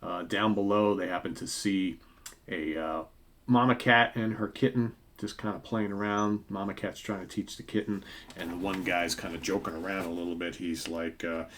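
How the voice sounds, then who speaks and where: A man's voice: low voice, fairly even intonation, moderate pace, fairly bright tone. A man in his fifties hosting a comic book show, rambling casually with lots of fillers and asides. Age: 50s. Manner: rambling, filler-heavy, with many asides and tag questions. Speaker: comic book podcast host. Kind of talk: casual show-and-tell commentary.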